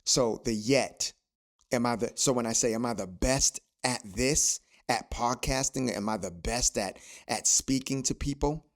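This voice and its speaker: A man's voice: medium pitch, a little slow. A man hosting a podcast, speaking in a preachy, motivational way and repeating phrases for emphasis. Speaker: podcast host.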